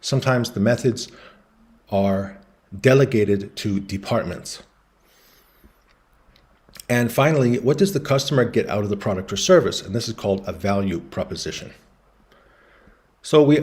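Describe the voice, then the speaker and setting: A man explaining business concepts in a relaxed lecture, talking through slides and acting out quoted voices in his anecdotes. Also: lowish voice, moderate pace, long pauses. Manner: casual storytelling, acts out quoted voices.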